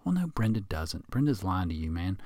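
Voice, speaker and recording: A man's voice: low voice, very animated, fairly quick, darkish tone, dry recording, studio quality. A man in his forties chatting casually with his wife, joking and slipping into mocking voices of imagined people. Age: 40s. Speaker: husband in a casual couple's chat. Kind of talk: casual chat.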